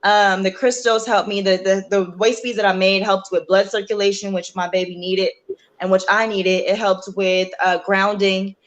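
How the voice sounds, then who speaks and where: A young adult woman, a guest on a talk show, earnestly telling a personal story in a halting way, with many fillers and restarts. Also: medium pitch, little pitch movement, lo-fi sound. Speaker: guest sharing her story.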